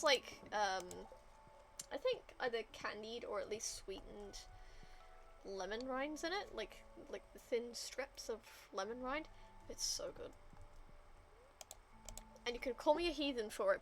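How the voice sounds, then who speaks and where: Lively, slow-talking woman streamer. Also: a little high, a little hiss or hum. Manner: chatty, muttering to herself, occasional whispered swearing. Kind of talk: casual gameplay commentary.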